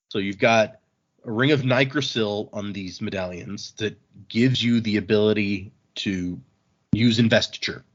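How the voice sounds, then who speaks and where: A man's voice: fairly low pitch, slightly rough, highs cut off. A man hosting a podcast, casually recapping book chapters in a rambling way and paraphrasing characters with a chuckle. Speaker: podcast host.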